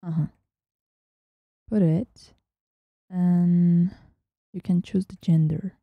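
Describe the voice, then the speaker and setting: A woman hosting a casual software tutorial, chatting as she works and often dropping into a whisper. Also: lowish voice, fairly even intonation, slow pace, creaky, dry recording, dull audio. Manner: chatty, thinking aloud, often drops to a whisper. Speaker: tutorial host.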